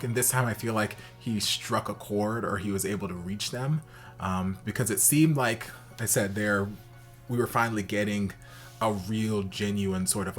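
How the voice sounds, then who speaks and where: A young man hosting a reaction video, talking casually with sassy, expressive asides. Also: lowish voice.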